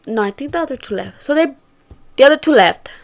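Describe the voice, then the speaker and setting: A woman's voice: high voice, animated, fast, vocal fry. A young woman telling a story to her viewers in casual chat, swearing freely and acting out what her friends said. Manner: chatty, swears a lot, acts out quoted friends. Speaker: vlogger.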